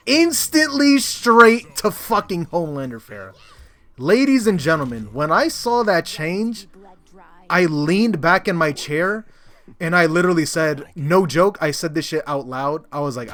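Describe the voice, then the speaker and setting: A man's voice: a little high, very animated, normal speed, a bit bright. A young man giving profane, frustrated commentary over his own fighting game match footage. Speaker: gaming content creator.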